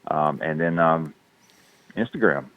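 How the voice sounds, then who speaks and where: A man's voice: a bass voice, unhurried. A man with a Southern accent, an actor guest chatting in an interview in a laid-back, rambling way with lots of fillers. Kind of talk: casual interview chat. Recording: tinny phone-line sound.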